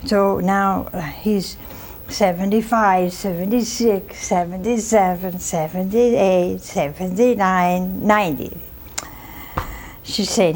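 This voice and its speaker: A woman's voice: mid-range voice, steady tone, takes it slowly, a little mellow, slight background noise. A woman preaching a storytelling sermon, retelling scripture with chatty asides and rhetorical questions to the congregation.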